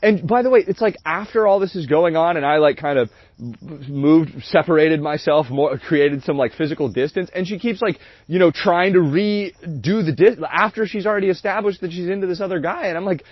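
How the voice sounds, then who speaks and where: A man's voice: a little high, brisk, dry recording. A man hosting a stream, telling a story in a candid, rambling, profane way with frequent laughter. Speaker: host of a livestream. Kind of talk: casual storytelling. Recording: dull, dry lo-fi sound.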